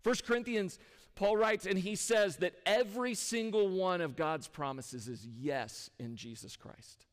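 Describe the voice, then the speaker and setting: A man's voice: sits high, measured pace. A man preaching a sermon from the front of a church, talking in a conversational way and firing rhetorical questions at the congregation. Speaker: pastor. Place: church sanctuary. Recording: long hall reverb.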